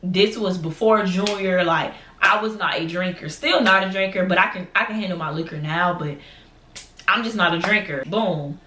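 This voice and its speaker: A woman vlogger telling a lively storytime to her viewers, acting out the voices of people in it and talking casually to the audience. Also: lowish voice, moderate pace. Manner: animated, acts out voices in quotes; colloquial, addresses viewers as y'all. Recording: echoey room with background noise.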